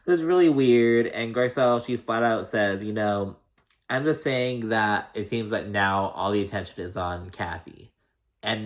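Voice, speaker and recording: A man's voice: lowish voice, a bit bright. A man casually recapping a reality show, opinionated and profane, who acts out the cast members' lines in exaggerated voices. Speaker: recap host.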